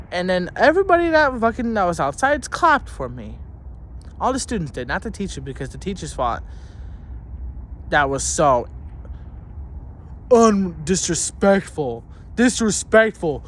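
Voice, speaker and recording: A vlogger telling a story as an angry rant, swearing constantly and shouting at times. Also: mid-range voice, big pitch swings, a little slow, pauses often.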